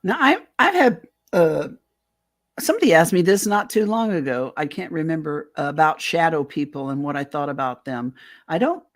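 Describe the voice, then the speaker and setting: A woman's voice: low voice, animated, normal speed. A woman co-hosting a radio talk show, chatting casually and murmuring supportively. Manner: supportive, frequent backchannel murmurs. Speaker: co-host.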